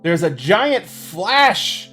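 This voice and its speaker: A woman's voice: fairly low pitch, sing-song, extremely slow, fairly bright tone, faint music behind. A woman running a tabletop role-playing game as game master, narrating with frequent laughter. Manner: laughs often while narrating.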